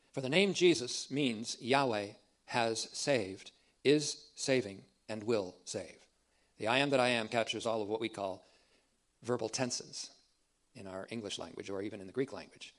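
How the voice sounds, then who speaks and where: A man preaching a theological lesson at a measured, deliberate pace. He leans on key phrases and repeats them for emphasis. His voice sits at an ordinary middle pitch for a man. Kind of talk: theological teaching sermon.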